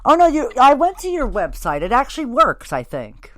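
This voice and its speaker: A woman's voice: high-pitched, wildly swooping pitch, normal speed, dry recording. Rambling woman podcast host, dry sound. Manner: rambling, heavy on fillers like "like" and "you know". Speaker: podcast host interviewing a band. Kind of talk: casual interview chat.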